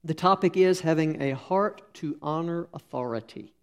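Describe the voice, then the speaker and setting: Gravelly middle-aged male pastor. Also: on the high side, normal speed. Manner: folksy storytelling, many fillers and restarts. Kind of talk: sermon with anecdotes.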